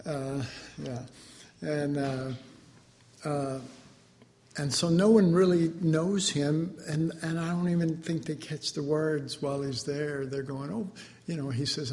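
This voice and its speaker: A man giving an informal sermon, rambling and hesitant with many fillers, now and then acting out lively quotes. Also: on the high side, slow pace. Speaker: preacher.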